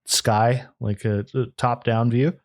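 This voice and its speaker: A man's voice: mid-range voice, fairly even intonation, takes it slowly, a little mellow, dry recording, clean studio sound. A man co-hosting a podcast in casual chat, rambling and restarting often. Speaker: podcast co-host.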